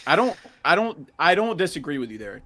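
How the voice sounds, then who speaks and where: A young man in a casual film chat, tossing in quick, joking remarks. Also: on the high side, sing-song, bright, forceful tone.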